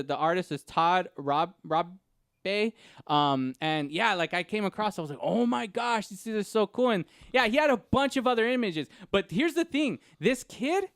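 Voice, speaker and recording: A man co-hosting a podcast in casual chat, telling stories in an excitable, rambling way. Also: high-pitched, dry recording, clean studio sound. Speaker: podcast co-host.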